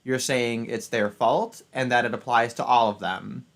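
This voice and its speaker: A male streamer hosting a loose, opinionated chat. He rambles and tends toward sarcasm, stumbling over his words as his thoughts run ahead. His pitch sits in an average middle range. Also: fairly even intonation, normal speed, gravelly, a bit bright. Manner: rambling, sarcastic, frequent restarts and laughs. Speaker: streamer and channel host.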